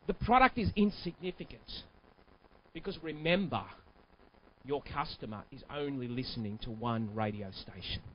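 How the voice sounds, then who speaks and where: Male keynote speaker, theatrical and punchy, with a lively up-and-down delivery. Muffled lo-fi recording. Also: medium pitch, normal speed, slight background noise. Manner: animated, theatrical, acts out scenes. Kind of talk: live motivational sales keynote. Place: stage at a live keynote event.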